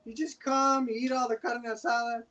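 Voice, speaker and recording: A man voicing a tipsy, emotional man who scolds a cousin at a family party with loud, bantering, affectionate insults. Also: extremely high pitch, little pitch movement, a little fast, dull audio, pitched above the performer's own voice. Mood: tipsy scolding.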